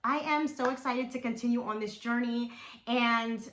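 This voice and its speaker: A woman's voice: on the high side, fairly even intonation, normal speed, fairly bright tone. A woman vlogging about weight loss in an encouraging, playful, motivational way. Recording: echoey room with faint noise.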